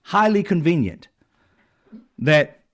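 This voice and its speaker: A man's voice: a little high, very animated, takes it slowly. Blunt, informal male channel host. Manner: informal and blunt, with frequent swearing and repeated throat clearing. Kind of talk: casual monologue commentary.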